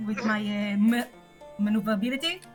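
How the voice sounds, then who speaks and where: A woman's voice: medium pitch, fairly quick, faint music behind. A brash woman who swears freely, playing her character at a tabletop game.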